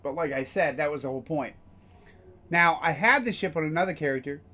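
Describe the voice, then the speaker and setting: A man's voice: fairly high pitch, fairly quick, sharp tone. A man casually streaming a game, rambling with frequent fillers and the odd curse. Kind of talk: casual gameplay commentary.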